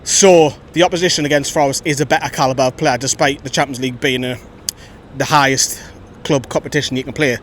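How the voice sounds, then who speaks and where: A man giving a chatty, opinionated post-match reaction as host of a fan channel, filmed outdoors by a road. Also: a little fast. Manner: chatty, opinionated, lively storytelling. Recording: faint traffic rumble outside.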